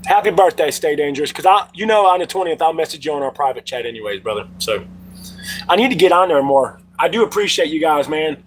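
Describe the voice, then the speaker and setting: A man's voice: fairly high pitch, expressive, fast, a little hiss or hum, poor audio. Profane middle-aged man livestreaming. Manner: loose, profane storytelling. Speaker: livestream host. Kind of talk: casual livestream chat.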